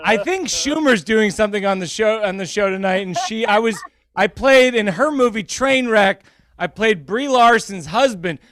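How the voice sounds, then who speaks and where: A man performing a stand-up comedy set, rambling and self-deprecating in a deadpan way. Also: sits high, normal speed, dry recording. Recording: crowd laughter in background. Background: audience laughter.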